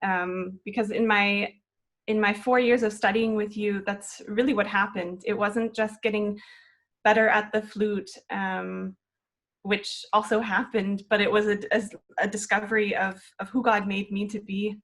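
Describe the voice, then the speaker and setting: A woman in her twenties talks about her path as a flute student in an unhurried, reflective interview conversation. Her voice is mid-pitched, and her manner is earnest and encouraging. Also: flat delivery.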